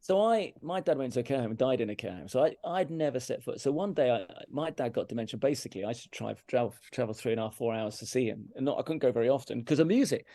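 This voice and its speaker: Earnest English man, gravelly and dry. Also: medium pitch, animated, quick pace, hardly any pauses, dark tone, dry recording. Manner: earnest, emphatic, repeats himself, self-critical. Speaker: interview guest, brass teacher. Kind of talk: candid conversational storytelling. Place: farmhouse room.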